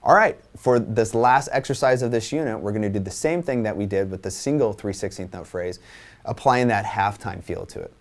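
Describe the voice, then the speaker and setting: A man's voice: on the low side, brisk. A man teaching a drum lesson, explaining accent patterns and counting sixteenth notes aloud in a casual way. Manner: casual, repeats "right?" and restarts. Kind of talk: instructional lesson.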